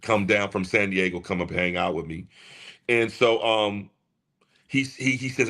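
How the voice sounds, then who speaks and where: Low-voiced storytelling man. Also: normal speed. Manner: animated, acts out quoted voices. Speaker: music producer guest. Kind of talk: casual storytelling.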